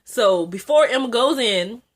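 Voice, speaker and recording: A young woman recapping a TV episode in a casual vlog, chatty and excitable, full of fillers and asides. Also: measured pace. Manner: chatty and excitable, frequent "like" and filler, jumps high when excited. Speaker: TV episode reviewer.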